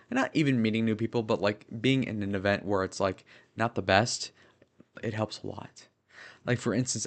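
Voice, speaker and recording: A young man in his twenties chatting casually on a livestream, rambling with lots of fillers and swearing. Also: mid-range voice. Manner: rambling, filler-heavy, profane.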